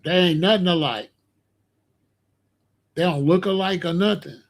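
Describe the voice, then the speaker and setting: A man hosting a podcast, telling a story in a casual, animated and slangy way. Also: high voice, a little slow, creaky. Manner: animated, slangy, explains with gestures. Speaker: podcast host.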